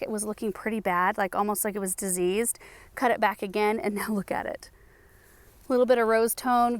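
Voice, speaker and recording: A young adult woman hosting a casual garden tour vlog outdoors, chatty and enthusiastic, thinking out loud as she goes. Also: a little high, clear, resonant tone, no room sound. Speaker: gardening channel host.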